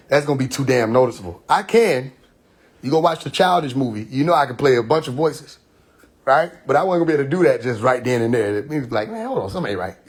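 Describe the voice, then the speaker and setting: On a phone livestream, a male host tells a story casually and animatedly, laughing often and acting out quoted dialogue. His mid-range voice is fast and slightly rough, with lively intonation.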